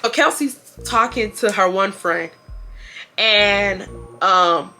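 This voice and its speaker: A woman in her twenties from Houston, telling a casual storytime in an animated, emphatic way that repeats lines for effect. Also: mid-range voice, slow pace, faint music behind. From Houston, Texas. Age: 20s. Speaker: vlogger.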